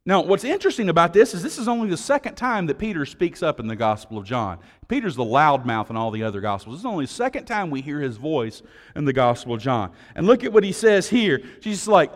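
A man preaching a sermon as pastor, swinging from loud declarations to hushed tones, with conversational asides to the congregation. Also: on the high side, big pitch swings, fairly quick, big-room sound.

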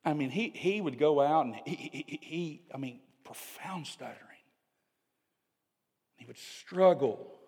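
Middle-aged male pastor, sermon delivery, higher-pitched voice, dynamic from booming to hushed, reverberant sanctuary. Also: lively intonation, unhurried, long pauses, breathy edge. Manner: swings from loud preaching to hushed, near-whispered storytelling.

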